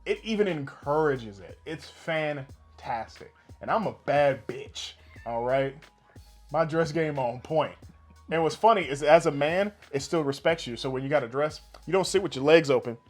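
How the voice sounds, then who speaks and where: Young guy on a gaming podcast, loud excited storytelling, cussing a lot, faint music under it. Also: fairly high pitch, normal speed. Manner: animated, swearing, laughing storyteller. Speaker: podcast co-host. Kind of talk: casual gaming podcast chat.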